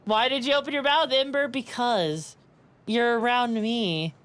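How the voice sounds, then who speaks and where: A young woman VTuber streams casually in a fairly high, unhurried voice. She's giggly and animated, often laughing as she reads and answers her chat.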